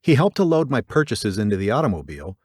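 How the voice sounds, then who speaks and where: A man reading a story aloud as narrator, voicing the dialogue in a livelier, higher register and dropping low on speech tags. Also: sing-song, fast, darkish tone, slightly rough, no room sound, clean studio sound. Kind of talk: audiobook narration with character voices.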